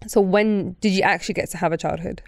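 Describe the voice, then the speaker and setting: A woman's voice: fairly low pitch, fairly even intonation, fast talker, gravelly, no echo, clean studio sound. A British woman hosting a podcast, asking questions and affirming often. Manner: warm affirming interjections. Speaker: podcast host. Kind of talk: casual interview chat.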